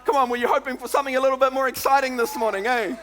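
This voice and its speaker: A New Zealand man preaching, his voice sitting very high and ringing bright and forceful. He talks to his congregation in a lively, chatty way, tossing in "come on" and "eh?" as he goes. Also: rapid-fire. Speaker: pastor. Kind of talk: sermon.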